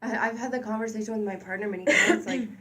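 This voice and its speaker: Candid, animated woman co-host. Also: a little high, quick pace. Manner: candid, animated, self-deprecating, gets loud when excited. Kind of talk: casual conversational podcast chat.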